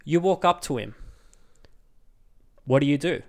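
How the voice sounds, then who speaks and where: A man co-hosting a board game podcast, telling a story in a casual, animated way and laughing often. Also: on the high side, unhurried. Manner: laughs often, animated retelling with acted quotes. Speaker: podcast host.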